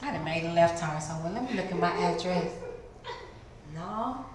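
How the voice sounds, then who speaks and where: A middle-aged woman from the Chicago area giving an animated testimony as a guest speaker in a church, jumping into high voices to act out what people said. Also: normal speed. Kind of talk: testimony sermon. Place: large church hall. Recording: very echoey church hall, some noise.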